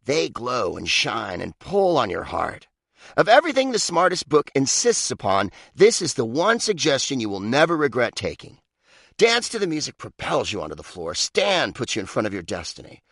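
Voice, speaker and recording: A man's voice: mid-range voice, wildly swooping pitch, normal speed, gravelly, a bit bright, dry recording, studio quality. A man reading his own comic book aloud, sardonic and mock-pompous, with big swoops for emphasis. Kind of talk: comic audiobook narration.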